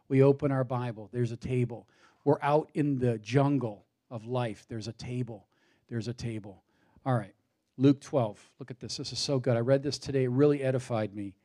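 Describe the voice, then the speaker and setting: A man's voice: mid-range voice, dark tone. A man preaching a sermon, asking rhetorical questions and building his points with rising emphasis. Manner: out of breath at times. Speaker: pastor.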